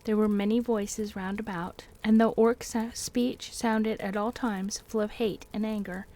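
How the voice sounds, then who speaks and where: A woman reading a fantasy novel aloud on a live stream in a calm, steady storytelling voice. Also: mid-range voice, unhurried. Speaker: reader and streamer.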